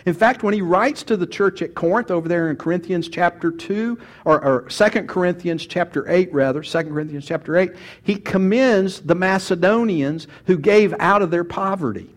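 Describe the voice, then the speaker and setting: A man's voice: high-pitched, normal speed, hardly any pauses. A man preaching a sermon, a folksy storyteller who often restarts his sentences. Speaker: pastor.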